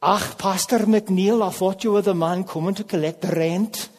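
A man's voice: high-pitched, steady tone, moderate pace, darkish tone, a faint crowd. A man voicing an old Scottish widow with a broad put-on brogue, speaking in a hall with long reverb. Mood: relieved.

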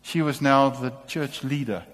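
A man's voice: mid-range voice, a little slow. Impassioned preacher man in a reverberant hall. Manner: impassioned, repeating short exhortations. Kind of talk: sermon.

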